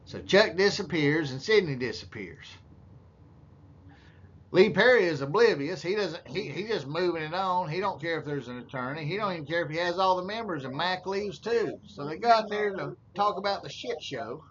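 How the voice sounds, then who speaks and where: Guy snarking over a meeting video, kinda high voice, muffled lo-fi audio w some hiss. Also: animated, moderate pace. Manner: mocking, crude, drawling, puts on voices for others. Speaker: commentator narrating meeting footage. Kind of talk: sarcastic running commentary. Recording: dull lo-fi audio with faint hiss.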